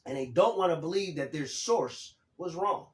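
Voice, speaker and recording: A man's voice: fairly high pitch, lively intonation, normal speed, echoey room. A man in his fifties hosting a casual livestream, talking emphatically and swearing casually as he reads and answers viewer comments. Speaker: livestream host.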